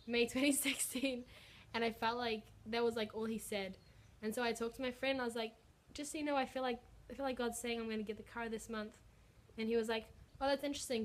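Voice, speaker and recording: A woman's voice: fairly high pitch, fairly even intonation, a little fast. A young woman, chatting in a bubbly, filler-heavy way as she shares a personal faith story on her vlog. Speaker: vlogger. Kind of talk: casual testimony vlog.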